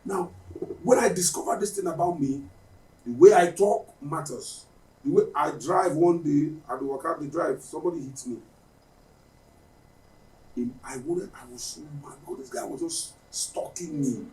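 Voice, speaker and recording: Podcast guest: man, high lively voice, roomy distant sound. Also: normal speed. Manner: animated storyteller, acts out dialogue. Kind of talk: casual podcast chat. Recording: roomy, slightly distant, faint ambience.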